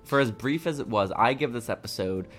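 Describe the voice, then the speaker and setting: A man's voice: mid-range voice, animated, fairly quick, fairly bright tone, soft background music. A man co-hosting a podcast, reviewing a cartoon in casual, emphatic, mock-indignant chat full of swearing. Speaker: podcast co-host.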